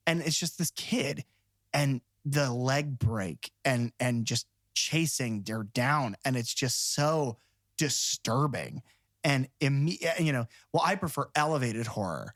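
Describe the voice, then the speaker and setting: A man co-hosting a podcast, talking about movies in an animated, rambling, enthusiastic way. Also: medium pitch, takes it slowly, no echo, clean studio sound. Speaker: podcast co-host. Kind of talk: casual film discussion.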